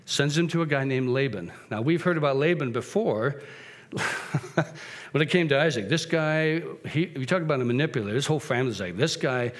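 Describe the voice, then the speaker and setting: A man's voice: medium pitch, a little fast. Man preaching in a conversational storytelling way. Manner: conversational storytelling, acts out the characters' voices. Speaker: guest preacher. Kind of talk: sermon.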